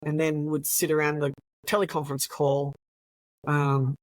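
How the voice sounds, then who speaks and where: A woman's voice: low-pitched, level tone, moderate pace, dry recording, low-quality recording. Older Australian woman, retired cop, chatty storyteller, dry close mic. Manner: chatty, laughs often, many fillers. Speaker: retired police officer, guest. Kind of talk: casual anecdote telling.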